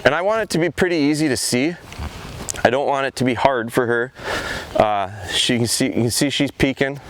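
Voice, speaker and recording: A man at an ordinary pitch talks through a gundog drill in a calm, explanatory way, breaking off for short commands to his dog. He is out in an open grassy field, and plenty of outdoor noise runs under his voice. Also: normal speed. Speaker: professional gundog trainer. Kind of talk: instructional commentary while training a dog.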